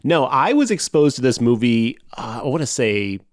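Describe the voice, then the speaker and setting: A man's voice: medium pitch, moderate pace, dry recording, clean studio sound. A man co-hosting a horror-movie podcast, talking casually and jokily and often breaking into laughter. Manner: animated, jokey, breaks into laughter. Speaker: podcast co-host. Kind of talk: casual chat.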